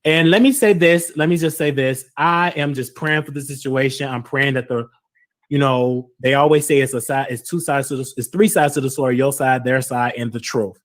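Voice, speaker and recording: A man's voice: medium pitch, moderate pace. A man hosting live call-in radio, casually reading caller numbers aloud and bringing callers on air. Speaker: radio talk host taking callers.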